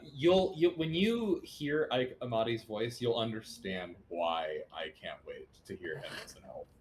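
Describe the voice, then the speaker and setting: A man co-hosting a gaming stream, chatting excitedly and stammering as he rambles. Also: lowish voice, a little slow, slight background noise. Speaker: co-host. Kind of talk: casual chat.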